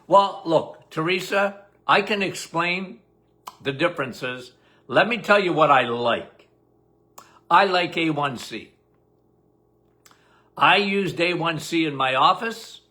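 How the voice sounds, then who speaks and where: A man's voice: a little high, bright, forceful tone. An older man hosting a casual live-stream, greeting viewers by name and answering questions in a chatty way. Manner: chatty, reads viewer names quickly, laughs at himself. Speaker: host.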